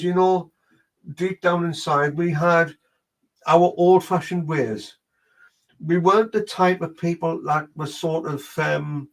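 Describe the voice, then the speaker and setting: A man's voice: fairly high pitch, rough recording. A man giving a psychic reading, rambling as he relays what a spirit tells him. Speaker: medium.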